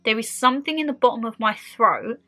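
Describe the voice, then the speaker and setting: A woman's voice: on the high side, a little fast, bright, forceful tone. A young woman with a British accent, chatting openly and expressively to her viewers in a casual sit-down vlog. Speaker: vlogger.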